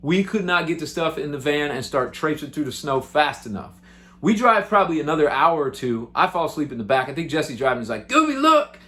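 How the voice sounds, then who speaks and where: A male musician hosting his own show, telling road stories to the camera in an excitable, animated, chatty way. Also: a little high, brisk. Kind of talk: casual storytelling to camera.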